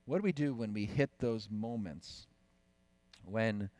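A middle-aged man giving a faith conference talk, telling lively family stories and asking the audience questions. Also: fairly low pitch, a little slow, no echo. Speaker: conference speaker.

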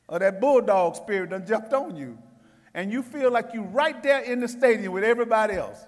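Pastor, male, high voice, folksy and lively, church reverb. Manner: folksy, animated teaching. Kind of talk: Bible study discussion. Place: church sanctuary.

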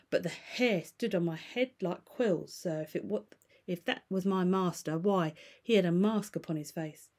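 A frightened old manservant, loyal to his master, pressing his case with urgent insistence in a storybook reading, as a woman reader puts him on. He speaks a little higher and louder than the narration around him. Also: lightly acted. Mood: shaken.

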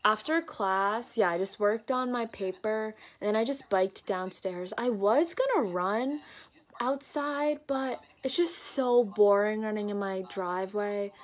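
Speaking at an unhurried pace with a medium-pitched voice, a young adult woman records a casual daily diary video as a student vlogger. She's isolating with coronavirus without symptoms, and her chatter is self-deprecating and full of laughs at her own expense.

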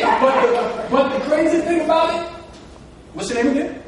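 A man's voice: very high voice, moderate pace, background noise. A man from New Jersey giving a live motivational talk, emotional and repetitive as he tells stories. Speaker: motivational speaker. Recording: echoey hall from far off.

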